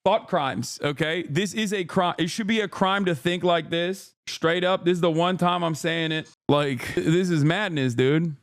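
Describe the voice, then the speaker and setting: A man hosting a reaction stream, talking in a profane, animated and exasperated way, often restarting his sentences. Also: fairly high pitch, dry recording, studio quality. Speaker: streamer host. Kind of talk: reaction commentary.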